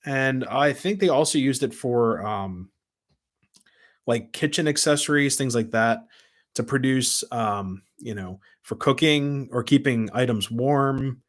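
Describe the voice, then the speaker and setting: A man's voice: medium pitch, unhurried. A chatty man talking live from his home, speaking into a camera mic at his desk. He rambles loosely, trails off with fillers, and breaks off to greet viewers and answer their comments. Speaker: live stream host. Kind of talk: casual live-stream chat. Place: home room with model trains.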